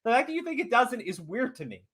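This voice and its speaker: A man on a podcast, ranting hard and swearing often. His pitch swings widely from line to line, and his voice has a bright, forceful edge. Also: big pitch swings, fast. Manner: profane, heated and emphatic. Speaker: podcast host. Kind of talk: ranting commentary.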